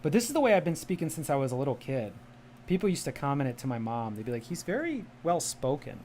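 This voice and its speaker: A man's voice: medium pitch, very animated, very fast, mellow, a little hiss or hum. A man from the Midwest chatting casually on a livestream, enunciating carefully in a polished media-style voice. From American Midwest. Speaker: livestream host. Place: home room with a cat.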